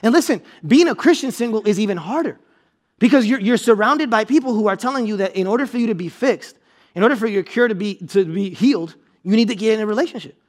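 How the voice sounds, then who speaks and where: High-voiced middle-aged male pastor, animated sermon storyteller. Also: fast talker. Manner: animated storytelling with bursts of laughter.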